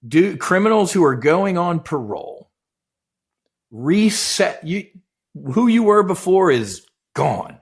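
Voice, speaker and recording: A middle-aged man, a former naval aviator, recounting a deep personal experience in an intense, animated way, swearing and acting out quoted dialogue. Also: takes it slowly, breathy edge. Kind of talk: emotional storytelling in casual chat.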